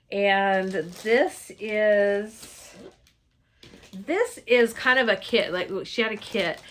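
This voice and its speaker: A woman's voice: mid-range voice, a bit bright. Woman vlogger, forties, chatty show-and-tell, gushing and upbeat. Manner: chatty and enthusiastic, gushing over colors. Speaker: cross-stitch vlogger. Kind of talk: casual show-and-tell chat.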